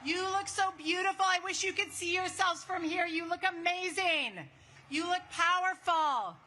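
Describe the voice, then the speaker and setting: A woman's voice: very high-pitched, normal speed. A woman speaking enthusiastically to a crowd at an outdoor protest rally as an advocacy leader. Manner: enthusiastic, warm greeting to the crowd. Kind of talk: rally speech.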